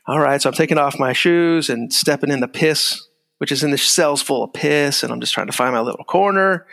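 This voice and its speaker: A middle-aged man with a gravelly edge, recounting an old story in a relaxed, easygoing way. He laughs lightly along the way and acts out what others said. His voice carries a long, hall-like reverb, as if recorded in a big echoing room. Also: medium pitch. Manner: laid-back, laughs while telling stories, acts out quoted lines. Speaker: guest, former security agent. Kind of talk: casual storytelling.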